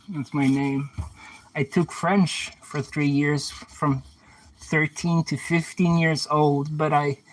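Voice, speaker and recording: A man's voice: fairly high pitch, poor audio. A young man livestreaming casually, chatting back to viewer comments and playfully trash-talking an oven as he cleans it.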